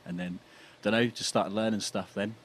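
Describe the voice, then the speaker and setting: A young British man talking as a guest musician in a casual podcast chat, easygoing and quick to laugh. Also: on the low side, steady tone, slight background noise. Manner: chatty, laughs easily.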